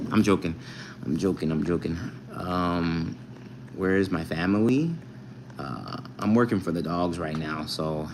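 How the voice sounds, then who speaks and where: A man's voice: low voice, animated, measured pace, a bit bright, slight background noise, low-quality recording. A young man casually chatting with viewers on a live stream, reading their comments aloud and joking with them. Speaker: livestreamer.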